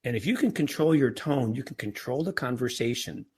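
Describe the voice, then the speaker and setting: A man's voice: mid-range voice, lively intonation, fairly quick, husky. A middle-aged man talking casually as a podcast guest, often restarting and repeating words. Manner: frequent restarts and stammered repeats. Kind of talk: casual interview talk.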